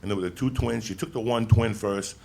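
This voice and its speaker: A man's voice: fairly low pitch, fairly quick, creaky, warm tone, a little hiss or hum. A man telling a rowdy childhood story on stage as a stand-up comedian, swearing and laughing as he goes.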